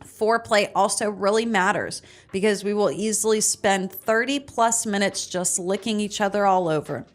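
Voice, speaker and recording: A woman's voice: medium pitch, moderate pace, hardly any pauses. A woman co-hosting a podcast, chatting frankly and reading answers aloud, laughing often. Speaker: podcast co-host. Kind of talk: casual chat, reading listener answers aloud.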